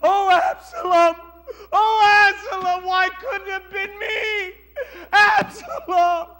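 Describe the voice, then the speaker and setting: A man voicing a grieving old king who wails slowly for his dead son. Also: very high-pitched, fairly even intonation, crowd noise, voice pushed up. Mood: anguished wailing. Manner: crying out, slow drawn wails. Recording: long hall reverb.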